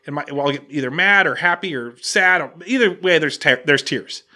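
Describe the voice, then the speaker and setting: A man hosting a casual podcast, telling an animated story and restarting his sentences often. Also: a little high, moderate pace. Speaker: podcast host.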